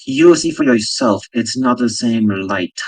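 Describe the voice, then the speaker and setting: A man voicing a gruff male wasteland survivor with a put-on Berlin German accent, speaking slowly and haltingly. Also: mid-range voice, wildly swooping pitch, no echo, recorded from a distance, heavily acted, low-quality recording. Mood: wary.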